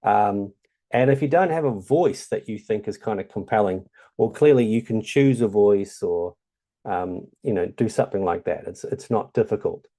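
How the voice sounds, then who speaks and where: A man's voice: lowish voice, moderate pace, warm tone. A man with a New Zealand accent giving a chatty, casual tutorial with lots of ums. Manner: chatty, loose, many ums. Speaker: tutorial host. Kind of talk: casual screen-share tutorial.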